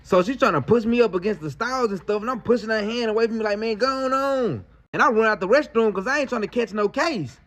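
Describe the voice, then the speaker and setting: A man telling a story in a casual, slangy, animated way. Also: high voice, fast talker, few pauses.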